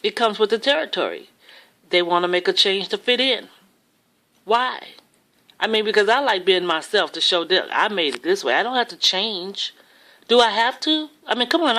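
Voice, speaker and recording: A woman's voice: mid-range voice, a bit bright, rough recording. A woman vlogger giving a rambling, impassioned opinion monologue in a casual way. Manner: rambling, impassioned social commentary.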